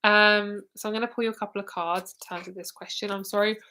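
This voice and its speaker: A woman's voice: mid-range voice, fairly even intonation, fast talker, pushed and bright. Woman, tarot reader, live-stream chat, tired, yawning, laughs a lot, blunt. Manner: chatty, laughing often, blunt.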